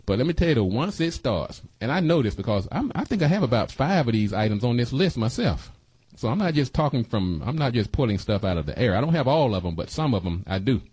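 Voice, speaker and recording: A man's voice: mid-range voice, big pitch swings, fast talker, a little mellow, breathy edge, dry recording. Folksy male talk-radio host. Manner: folksy, preachy, repeats phone numbers. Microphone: studio microphone.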